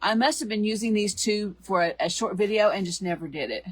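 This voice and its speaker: A hoarse middle-aged woman hosts a live craft tutorial, chatting and greeting viewers by name. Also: medium pitch, brisk, no echo. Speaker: craft show host.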